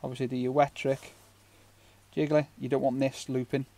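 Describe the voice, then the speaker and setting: A man's voice: mid-range voice, flat delivery, normal speed, mellow. Chatty man teaching fishing knots. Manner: chatty, rambling, jokey asides. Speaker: fishing channel host. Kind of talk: casual knot-tying tutorial.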